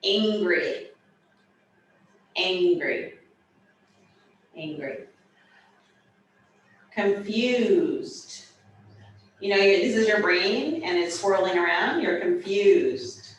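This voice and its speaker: This recording, captured far from the mic with roomy echo and light room noise, features a woman of mid-range pitch teaching sign language. She demonstrates signs slowly to students both present and on video call, keeping it lively with playful asides.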